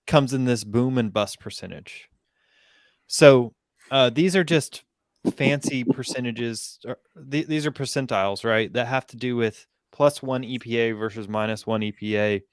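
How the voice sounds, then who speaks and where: A man's voice: medium pitch, moderate pace, dry recording, clean studio sound. Man breaking down football stats. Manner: explains stats with frequent ums and self-corrections. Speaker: college football analyst. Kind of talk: casual podcast analysis.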